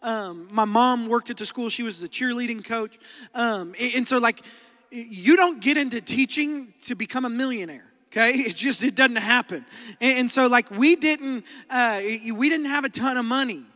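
A man in his thirties with an Oklahoman accent, preaching a sermon as a lively storyteller who acts out quotes and laughs often. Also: very high voice, moderate pace. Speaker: pastor. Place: large church hall. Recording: long hall reverb.

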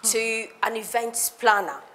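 A woman, playing a therapist in a comedy sketch, speaking in a calm, welcoming way. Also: a little high, unhurried. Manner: calm, welcoming host-like delivery. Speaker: therapist character in comedy skit. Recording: loud music underneath.

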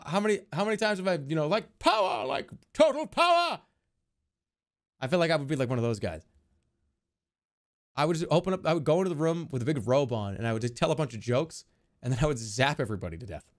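A man streaming a video game in casual, jokey commentary, reading the on-screen text aloud and reacting with excitement. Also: on the high side, fast.

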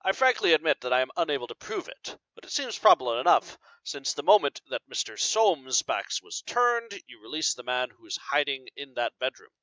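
A man's voice: medium pitch, sing-song, sharp tone, no echo. A man reading as a suave probing detective. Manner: suave, measured questioning. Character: calm probing male detective interrogating. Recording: slightly dull lo-fi recording.

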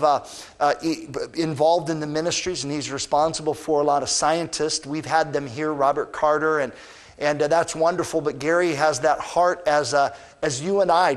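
A man, the pastor, introducing a guest speaker at church in a halting way with many fillers. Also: on the high side. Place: church in Brooklyn, New York.

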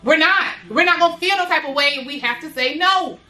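A woman with a high, bright voice speaks to other parents in a casual, emphatic motivational style, repeating her lines for weight and dropping slang along the way. Her voice rings out with a roomy echo around it. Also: a little fast, faint music behind. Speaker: motivational speaker, mother of boys with special needs.

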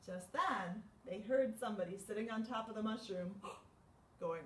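A woman hosting a children's storytime, reading a picture book aloud in an animated, sing-song way with playful gasps. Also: mid-range voice, a little slow, recorded from a distance. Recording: echoey room with faint background noise.

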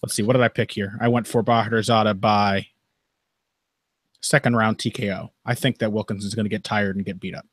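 A man's voice: lowish voice, little pitch movement, brisk, no echo, clean studio sound. A man co-hosting a podcast, giving loose, jokey, profane fight analysis in casual conversation.

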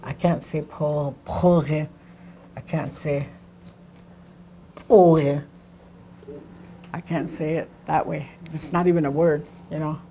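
A woman teaching a language class, explaining slowly and repeating words and phrases for emphasis. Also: deep voice, flat delivery, mellow, slight background noise, rough recording. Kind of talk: classroom lecture.

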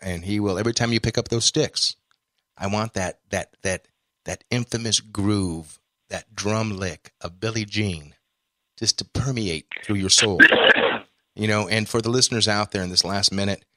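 A man's voice: on the low side, steady tone, moderate pace, dry recording, clean studio sound. A man hosting a podcast interview, effusive and full of praise, calling his guest brother. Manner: effusive, warm-hearted praise, says brother. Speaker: podcast host.

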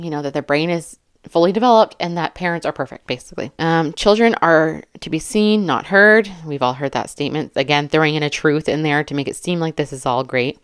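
A woman with a notably low voice talks through a reaction commentary in a chatty, animated way. She reads quotes aloud and breaks in with laughing asides. The recording is close and completely dry. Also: no room sound. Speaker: commentary YouTuber and mother.

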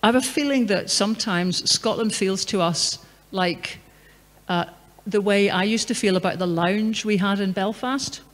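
A middle-aged woman, mid-range in voice and moderate in pace, delivers a public talk and Q&A answer in a big hall. She speaks conversationally, with anecdotes and emphasis, and the hall's reverb trails on long.

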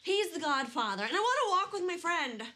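A woman's voice: very high voice, big pitch swings, a little fast, full character voice. An actress playing a young female lab scientist in labor, panting and crying out between her lines. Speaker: forensic scientist character. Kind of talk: TV drama acting. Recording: TV soundtrack with loud music underneath.

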